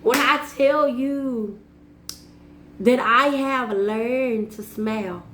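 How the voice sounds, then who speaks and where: A woman's voice: fairly high pitch, very slow, a bit bright, slight background noise. A woman sharing a personal reflective monologue in an earnest, repetitive way, laughing at herself at times. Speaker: vlogger. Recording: echoey room.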